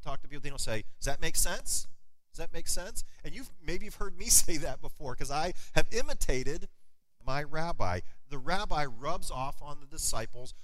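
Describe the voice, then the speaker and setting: A middle-aged man preaching a sermon as pastor, telling stories and slowing down to stress key words. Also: fairly high pitch, no echo, rough recording. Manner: animated storytelling preacher, slows for emphasis.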